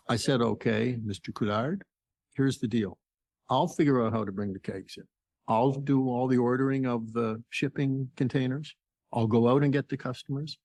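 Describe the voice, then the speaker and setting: Older man, from Canada, podcast guest, lively storyteller, voices each side of a conversation, dry sound. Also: mid-range voice, no echo. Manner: animated storyteller acting out dialogue. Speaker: entrepreneur guest. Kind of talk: storytelling interview.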